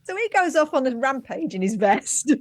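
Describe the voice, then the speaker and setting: A woman's voice: high voice, very animated, normal speed, no echo. A woman co-hosting a casual chat, telling stories in a wry, chatty way and laughing often. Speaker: co-host.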